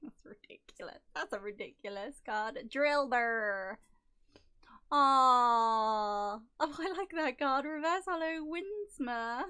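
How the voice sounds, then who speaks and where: A woman whose voice is going hoarse, chatting casually and giggling as she opens trading cards. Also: high voice, expressive, moderate pace, few pauses, a bit bright. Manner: giggly, self-mocking, gushing over cute cards. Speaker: card-opening vlogger. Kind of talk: casual unboxing chat.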